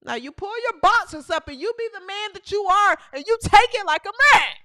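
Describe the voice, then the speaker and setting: High-voiced sarcastic woman ranting. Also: expressive, fairly quick, bright, forceful tone, dry recording, studio quality. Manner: sarcastic, mocking, repeats lines for effect. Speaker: comedian and show host. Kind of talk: comedic sports commentary rant.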